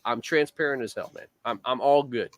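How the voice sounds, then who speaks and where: A man hosting a casual talk stream, animated and saying "man" a lot. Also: mid-range voice, a little fast, dry recording. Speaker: host, league organizer. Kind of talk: casual chat.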